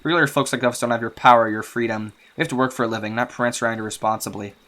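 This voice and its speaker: A man's voice: medium pitch, steady tone, racing, fairly bright tone, close to an everyday voice. A man voicing a harsh, scornful mother who scolds an outsider and her daughter. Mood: contemptuous. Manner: scolding, contemptuous.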